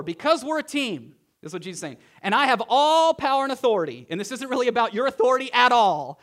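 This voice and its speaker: A young man preaching a sermon as pastor, conversational and animated, with rising bursts of emphasis. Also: high-pitched, quick pace, few pauses.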